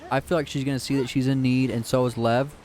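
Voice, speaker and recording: A man's voice: mid-range voice, little pitch movement, fast, darkish tone, a little hiss or hum. A man streaming a video game with friends, chatting casually, guessing at the story and arguing his point. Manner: speculative, argues his point. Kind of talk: casual chat over gameplay.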